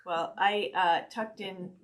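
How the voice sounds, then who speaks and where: A woman from Ohio, hosting a craft live stream and chatting in a relaxed, self-deprecating way as she stitches. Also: fairly low pitch, slow. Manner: relaxed, self-deprecating, talks while sewing. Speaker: host demonstrating stitching. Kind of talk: casual live-stream chat while crafting.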